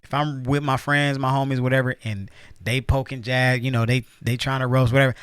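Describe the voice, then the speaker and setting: A man's voice: medium pitch, flat delivery, fairly quick, a bit bright, clean tone, no echo, clean studio sound. A young man co-hosting a casual chat, playfully defending himself to his partner. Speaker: co-host.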